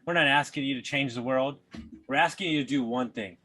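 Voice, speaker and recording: A man hosting a podcast who tells stories with heavy swearing and lively emphasis. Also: medium pitch, fairly quick. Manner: profane and animated storyteller. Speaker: podcast host. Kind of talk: podcast conversation.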